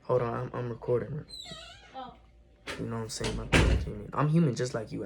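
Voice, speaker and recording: A man's voice: medium pitch, steady tone, fairly quick, creaky, slight background noise. A young man vlogging casual spiritual encouragement, earnest and slangy, often repeating and correcting himself. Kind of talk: casual motivational talk to camera.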